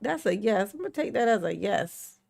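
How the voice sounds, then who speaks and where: A woman's voice: mid-range voice, big pitch swings, normal speed, creaky, darkish tone. A woman hosting a casual livestream, playfully greeting chat viewers by name and breaking into bits of song. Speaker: livestream host.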